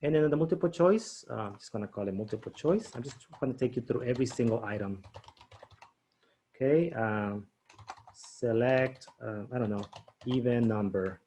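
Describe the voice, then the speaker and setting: A man of ordinary, mid-range pitch runs a teacher training session, thinking aloud as he builds quiz questions. He checks in with his listeners constantly, asking "okay?" and "right?" as he goes. Keys tap now and then in the background. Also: moderate pace, warm tone, a little hiss or hum. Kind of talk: screen-share training demo.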